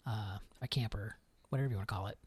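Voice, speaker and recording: A podcast co-host talking casually, explaining things at length with frequent restarts and an animated delivery. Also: mid-range voice, fast talker, breathy edge, no room sound. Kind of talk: casual chat.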